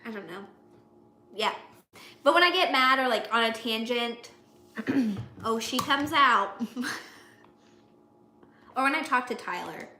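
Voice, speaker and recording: A woman from the US Midwest chatting casually, giggly and animated as she tells stories. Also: on the high side, slow pace, pauses often, roomy sound, slight background noise. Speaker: guest, fiancée of the cameraman. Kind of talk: casual chat.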